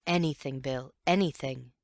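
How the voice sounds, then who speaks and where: A woman voicing a calm, thoughtful gentleman detective who speaks in a grave, measured, earnest way. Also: rumbling low, no echo, studio quality.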